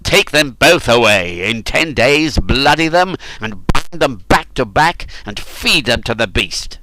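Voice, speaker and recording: A man voicing a cruel, mocking male ruler in an audiobook, speaking loudly and commandingly with drawn-out phrases. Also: medium pitch, big pitch swings, no echo, pitched above the performer's own voice, exaggerated voice, poor audio. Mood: cruel command.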